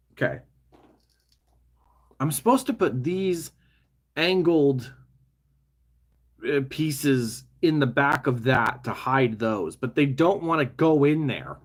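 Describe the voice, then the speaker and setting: A man talking casually as he builds a toy set, rambling, muttering to the pieces and laughing at himself. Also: mid-range voice. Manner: chatty, self-mocking, often laughing to himself; mutters and talks to the pieces while fiddling.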